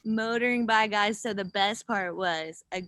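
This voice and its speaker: In an unhurried, medium-pitched voice with no echo, a young guest who races gravel professionally recounts her races in casual conversation. She brings the stories to life by acting out quotes, swearing freely along the way.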